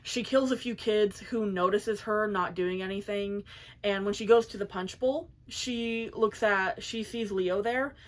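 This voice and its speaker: A woman's voice: mid-range voice, a little slow. Chatty young woman recapping a book. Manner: chatty, filler-heavy, animated. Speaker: book reviewer. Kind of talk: casual plot recap.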